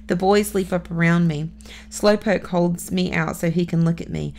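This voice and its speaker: A woman's voice: fairly low pitch, fairly even intonation, normal speed, a little mellow. A woman reading a children's novel aloud as first-person audiobook narration, plain storytelling with small lifts for dialogue.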